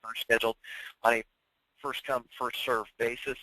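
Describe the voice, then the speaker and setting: Hoarse man signing off a webinar. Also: medium pitch, level tone, moderate pace, sharp tone, no echo, rough recording. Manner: filler-heavy, repetitive announcements. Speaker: webinar presenter and coach. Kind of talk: webinar sign-off.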